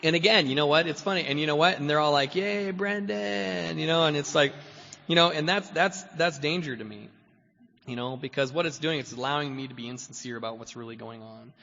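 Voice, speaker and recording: Forceful man rambling in a reverberant hall. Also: on the high side, fast. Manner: rambling and self-deprecating, full of "you know". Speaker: guest speaker at a recovery meeting. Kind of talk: personal recovery testimony. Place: meeting hall. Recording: dull lo-fi hall recording with long reverb.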